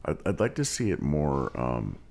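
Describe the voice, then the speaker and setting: A man with a very deep, husky voice hosts a relaxed podcast chat. His pitch swings widely and there is a gravelly edge as he nudges his guest with easygoing questions. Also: normal speed. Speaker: podcast host. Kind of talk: casual interview chat.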